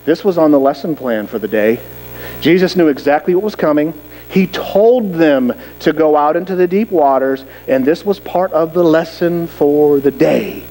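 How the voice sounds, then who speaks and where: High-voiced animated male preacher. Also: normal speed, low-quality recording. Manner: animated, acts out quoted voices, rhetorical questions. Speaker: pastor. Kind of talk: sermon.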